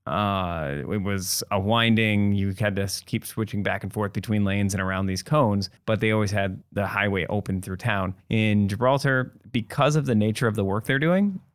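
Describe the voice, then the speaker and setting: A man's voice: lowish voice, moderate pace, few pauses, smooth, no echo. A man, a writer and editor, chatting on a podcast with wry dry humor and plain explanations. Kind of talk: casual chat.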